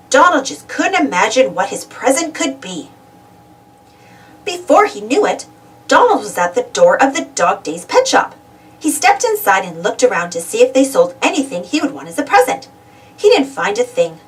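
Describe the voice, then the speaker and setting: Animated woman reading a children's storybook. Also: a little high, normal speed, recorded from a distance, rough recording. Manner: expressive, animated. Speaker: storybook reader. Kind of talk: children's read-aloud storybook narration.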